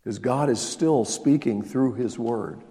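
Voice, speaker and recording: A man preaching a sermon as pastor, emphatic and swinging between loud stresses and quiet asides. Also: medium pitch, takes it slowly. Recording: long reverb of a large hall.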